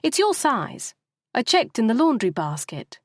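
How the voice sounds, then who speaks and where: A woman reading an audiobook voices a blunt, awkward teenage girl in a high, offhand voice. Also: sing-song, unhurried, dry recording, studio quality.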